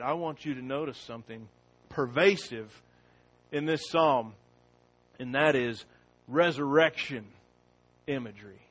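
A man preaching a sermon. He opens with a prayer, then reads scripture slowly and with rising force. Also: fairly high pitch, highs cut off. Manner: slow and deliberate, rising loud when reading scripture.

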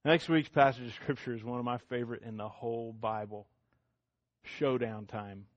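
A middle-aged man preaching a sermon as pastor, swinging between loud emphatic lines and hushed ones, with much repetition. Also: medium pitch, fast talker, dry recording, highs cut off.

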